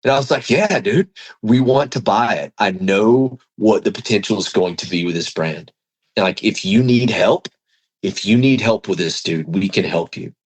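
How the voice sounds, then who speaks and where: A man's voice: low-pitched, normal speed, husky, rough recording. A man, a fishing tackle executive, telling a story in a casual interview and acting out the dialogue. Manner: animated, acts out quoted dialogue.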